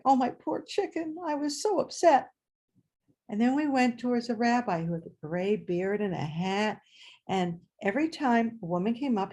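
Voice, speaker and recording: A woman telling a personal story live, animated and acting out voices and sounds. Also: medium pitch.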